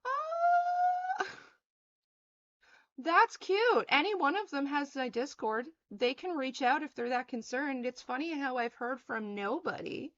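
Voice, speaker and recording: A woman's voice: high voice, lively intonation, takes it slowly, a bit bright, dull audio. A woman in her thirties on a livestream, ranting in a blunt, profane, confrontational way. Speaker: streamer.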